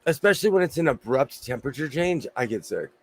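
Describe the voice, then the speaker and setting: A man hosting a casual chat, telling stories loudly while his voice is going hoarse. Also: mid-range voice, quick pace. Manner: loud, animated storyteller. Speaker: host. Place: home sewing room.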